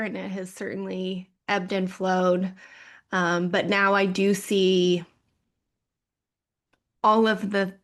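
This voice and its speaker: A woman coach in a candid podcast conversation, open and personal, often with a soft laugh. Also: medium pitch.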